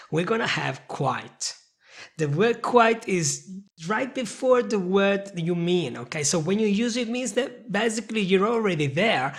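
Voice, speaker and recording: A man's voice: sits high, vocal fry. Playful, emphatic male English teacher. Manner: playful, emphatic, laughs often, leans hard on stressed words. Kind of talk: animated video lesson.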